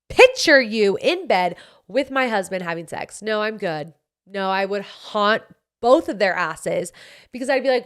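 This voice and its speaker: A woman's voice: mid-range voice, normal speed, clear, resonant tone. A woman in her late twenties with a Utah accent, hosting a podcast and giving blunt, sassy advice, swearing freely. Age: 20s. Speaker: podcast host. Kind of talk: casual advice chat.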